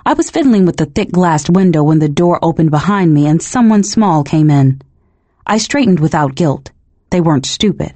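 A woman reading a novel aloud as first-person narration, measured and expressive. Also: deep voice, no room sound. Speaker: audiobook narrator.

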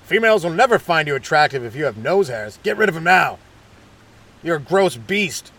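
A man voicing a pushy male grooming-ad announcer, loud and hard-selling. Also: fairly high pitch, sing-song, moderate pace, full character voice.

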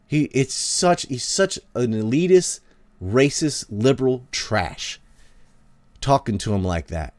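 A man's voice: mid-range voice, animated, takes it slowly, a little mellow, dry recording. A man, ranting in a heated, sarcastic and profane way as he hosts a podcast. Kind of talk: casual ranting monologue.

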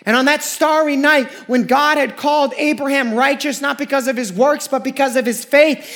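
A man preaching a sermon as pastor, emphatic and repetitive, swinging from loud lines to hushed ones. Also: extremely high pitch, steady tone, moderate pace, few pauses.

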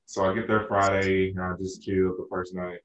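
The very low-voiced co-host from Arkansas talks a little fast as he relays a long, meandering tale in a casual chat. His speech is full of fillers and restarts, captured with room echo from slightly off-mic.

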